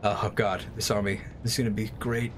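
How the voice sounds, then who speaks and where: A man livestreaming a strategy game, chatting casually and excitably with frequent swearing and rambling asides. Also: lowish voice, a little fast, noisy background. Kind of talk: casual gameplay commentary. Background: faint game music.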